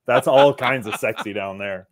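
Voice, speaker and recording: A man's voice: fairly low pitch, moderate pace. A man appearing as a guest, making playful wisecracks in a casual chat. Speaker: guest YouTuber.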